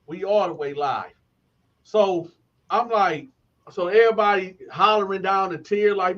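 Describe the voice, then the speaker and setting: A man's voice: sits high, measured pace, a bit bright, dull audio. A man from Flint telling stories in a casual way, laughing often and acting out other people's voices. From Flint, Michigan. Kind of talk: casual storytelling.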